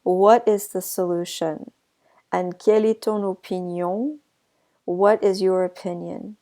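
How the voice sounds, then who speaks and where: A woman teaching French grammar in a relaxed, mellow voice that sits a little low. She explains in English with casual asides, breaks off to rephrase, and reads French examples slowly and carefully. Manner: slow, careful model sentences in French. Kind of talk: online grammar lesson.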